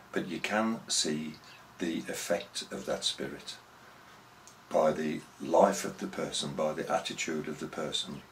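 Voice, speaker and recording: A man's voice: a bass voice, a bit bright, a little hiss or hum, rough recording. A man preaching a sermon, telling a story and asking earnest rhetorical questions.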